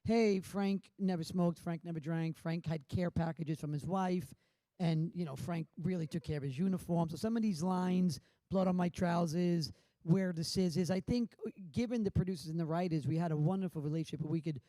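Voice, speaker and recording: A man on a panel, telling a lively anecdote and acting out quotes. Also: fairly high pitch, fairly quick, dry recording. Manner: animated storyteller, acts out quotes.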